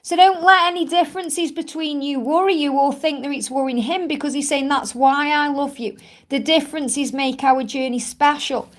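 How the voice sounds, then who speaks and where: A woman with a high, light voice hosts a live card reading and answers viewers' questions. She sounds soothing and keeps calling each viewer honey. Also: steady tone, moderate pace. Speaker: tarot card reader.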